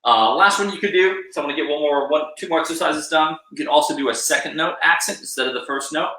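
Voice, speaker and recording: A man's voice: on the high side, fast talker, pushed and bright. A man teaching a live online drum lesson, counting beats aloud and encouraging his students. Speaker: percussion instructor. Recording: echoey room with drumming behind.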